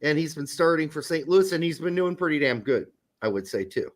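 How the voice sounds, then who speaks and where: Lively, profane man chatting. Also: on the high side, a little fast. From United States. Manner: blunt, profane, joking. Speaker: podcast co-host. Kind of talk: casual sports chat.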